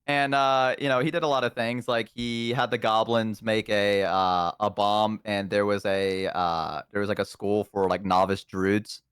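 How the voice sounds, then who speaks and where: A man's voice: fairly low pitch, flat delivery, a little slow, hardly any pauses, fairly bright tone, smooth, no echo. A man chatting casually on a live stream, rambling with many ums and uhs into a close microphone. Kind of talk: casual chat.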